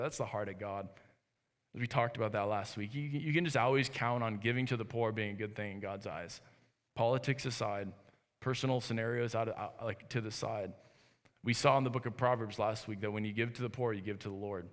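A man's voice: medium pitch, moderate pace. A man in his thirties giving an earnest, conversational sermon as a pastor in a church. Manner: earnest, conversational preaching with restarts. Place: church sanctuary. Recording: reverberant hall.

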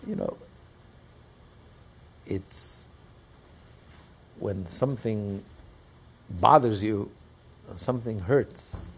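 A man teaching a religious text class, telling stories and breaking into shouts and laughter. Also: lowish voice, drawn-out words, long pauses, breathy edge. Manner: storytelling, bursts into shouts and laughter. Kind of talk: animated Torah class with storytelling.

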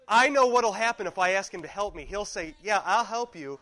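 Man in his thirties, teacher, rambling anecdotes, higher voice, dry close sound. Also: animated, a little fast, bright, forceful tone, no room sound, rough recording. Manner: rambling, anecdotal, self-interrupting. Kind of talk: casual classroom talk.

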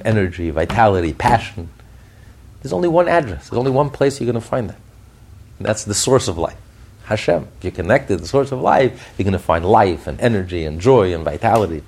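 A man, a rabbi, preaching a sermon with animated, repetitive emphasis and storytelling. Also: fairly low pitch, gravelly, husky.

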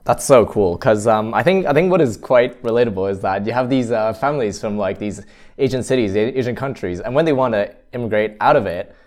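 A man's voice: on the low side, a little fast, a little mellow. A Canadian man hosting an interview, chatty and rambling, with lots of "like" and "you know". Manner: chatty, rambling, says "like" a lot. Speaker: interview host. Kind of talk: casual interview.

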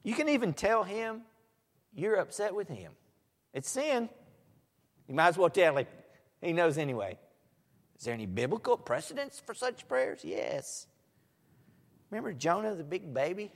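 A man preaching a sermon, swinging from soft asides to loud, emphatic lines. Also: a little high, lively intonation, moderate pace. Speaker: pastor. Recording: echoey hall.

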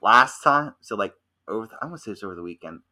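A young man in casual podcast chat, telling a rambling, animated story full of fillers. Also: on the low side, quick pace. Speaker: podcast co-host.

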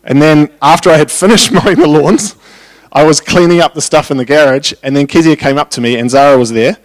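A man preaching a sermon, telling family stories in an animated, anecdotal way. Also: fairly high pitch, a little fast, no echo. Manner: anecdotal, animated when retelling family scenes.

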